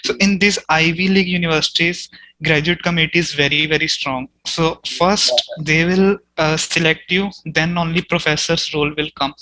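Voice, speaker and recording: A man's voice: fairly high pitch, fairly even intonation, moderate pace, sharp tone, poor audio. A man explaining university admissions in a matter-of-fact way. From India. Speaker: mentor.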